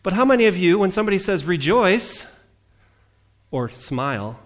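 A man preaching a sermon as pastor, animated, with jokey asides and voices he mimics. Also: high voice, normal speed.

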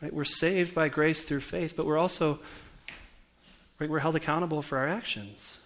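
A man's voice: on the high side, fairly even intonation, moderate pace, fairly bright tone. A man in his forties, a pastor preaching a conversational sermon and putting questions to the congregation. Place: church.

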